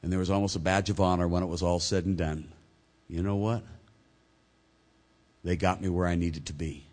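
A male pastor delivering a sermon, swinging between loud emphatic points and quiet, low asides. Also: fairly even intonation, moderate pace.

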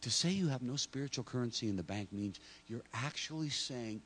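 A man's voice: medium pitch, expressive, a little fast, few pauses, fairly bright tone, a little hiss or hum. A man preaching a sermon, talking to the congregation directly and acting out imagined speakers. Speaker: pastor.

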